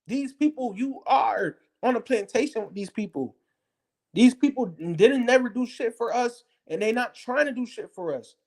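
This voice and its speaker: This is a combative monologue, blunt and full of profanity, that keeps repeating its points for emphasis. The speaker talks straight at the viewer in a heated rant, at a middling pitch. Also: animated, moderate pace. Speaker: political commentator.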